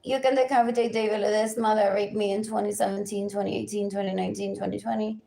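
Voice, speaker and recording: Speaking fast in a creaky, warm, medium-pitched voice with flat delivery, a woman rants agitatedly on an unscripted live stream. She keeps repeating herself in chanted lists, shifting from English into Spanish in the middle of sentences.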